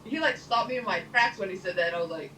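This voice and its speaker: A woman telling a story in an animated, brash way, often breaking into laughter. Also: medium pitch, quick pace. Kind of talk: casual interview storytelling. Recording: roomy, distant, noisy.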